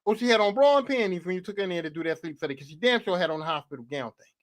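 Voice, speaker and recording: A man hosting a podcast, going on a profane, animated comedic rant and talking straight at the character he mocks. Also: sits high, racing. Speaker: podcast host. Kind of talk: comedic rant about horror movies.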